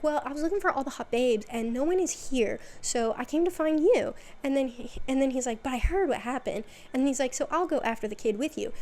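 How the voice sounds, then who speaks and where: Chatty young woman with a higher voice. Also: slight background noise. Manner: chatty, rambling, exasperated asides. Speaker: recap host. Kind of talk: casual chat, recapping a series.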